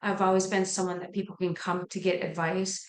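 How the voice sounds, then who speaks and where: A woman's voice: lowish voice, little pitch movement, a little fast. A middle-aged woman, a nurse, telling her personal story in an interview with earnest, heartfelt feeling. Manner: earnest, heartfelt, gets emotional. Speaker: nurse and life coach, podcast guest. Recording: echoey room.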